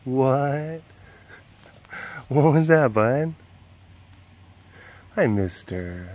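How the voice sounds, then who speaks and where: Give me a slow, soft-spoken man cooing at big cats. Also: mid-range voice, animated. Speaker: big cat keeper. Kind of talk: casual vlog narration.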